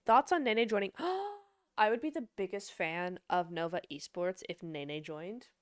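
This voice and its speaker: A young woman casually chatting with her livestream chat as an esports caster and analyst, bubbly and quick to laugh. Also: medium pitch, no room sound, clean studio sound.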